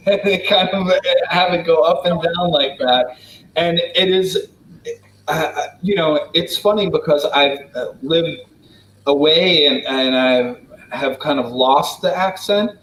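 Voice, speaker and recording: An American man from Wisconsin answering questions in a relaxed, casual way, with many fillers and restarts. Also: on the high side, echoey room, poor audio. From Wisconsin, United States. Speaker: guest diplomat answering questions. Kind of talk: casual spoken Q&A.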